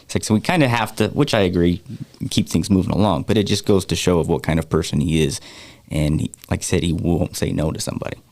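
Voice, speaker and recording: A man talking in a relaxed, easygoing way as a guest on a radio show, promoting an upcoming banquet with plenty of fillers. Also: low-pitched, fast talker, dry recording. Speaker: guest, foundation organizer. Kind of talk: casual radio chat.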